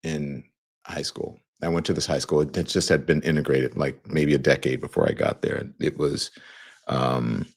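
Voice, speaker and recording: A man in his fifties from Louisiana, hosting a show and telling a relaxed personal story to viewers in a casual monologue. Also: a bass voice, normal speed, gravelly, slightly rough. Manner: relaxed storytelling, conversational, many fillers. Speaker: show host.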